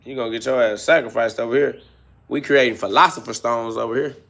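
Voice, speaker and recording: A man's voice: medium pitch, steady tone, quick pace, gravelly, a bit bright. A man hosting a live self-talk podcast, preaching and mocking a troll in heavy slang. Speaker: podcast host.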